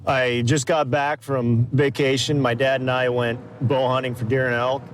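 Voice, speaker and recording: Calm police officer on the street. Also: male voice, medium pitch, moderate pace. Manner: calm, steady, reassuring. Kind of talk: on-duty radio calls and field interview. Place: outdoors on patrol, street and car. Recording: outdoor street noise, sirens.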